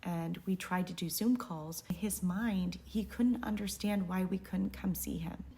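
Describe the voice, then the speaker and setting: A woman telling an earnest, reflective personal story, sometimes dropping to a hush. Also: on the low side, unhurried. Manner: earnest, reflective, softly hushed at times. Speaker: realtor sharing a personal story.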